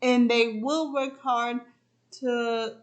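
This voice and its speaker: A woman casually retelling a movie plot, halting with frequent restarts and fillers. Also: fairly high pitch, fairly even intonation. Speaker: book and movie reviewer.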